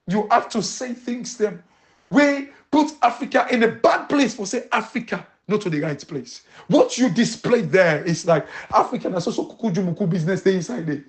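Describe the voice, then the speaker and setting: A woman from Sierra Leone with a Krio accent, giving emphatic political commentary full of rhetorical questions and switching between Krio and English. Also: on the high side.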